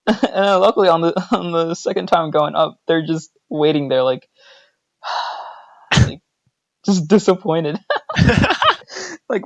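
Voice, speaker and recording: A man's voice: fairly high pitch, slow, gravelly, pauses often, dry recording, low-quality recording. A man co-hosting a podcast, telling a childhood story in a casual chat and laughing often as he goes. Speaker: podcast co-host.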